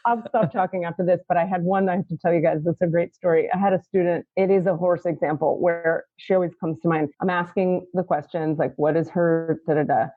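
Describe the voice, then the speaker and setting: A woman hosting a podcast, telling spiritual stories in an excitable way and acting out quotes in high squeaky voices. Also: a little fast, few pauses, no echo, narrow, tinny audio. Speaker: podcast host and spiritual teacher. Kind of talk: animated casual chat.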